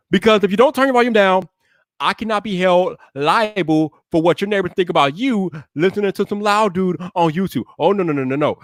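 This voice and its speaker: Male streamer host, very high bright voice, playful hype energy, dry close sound. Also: fairly quick, no room sound. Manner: hyped, playful, shouts greetings to chat. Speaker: tech live stream host. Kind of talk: casual live stream chat.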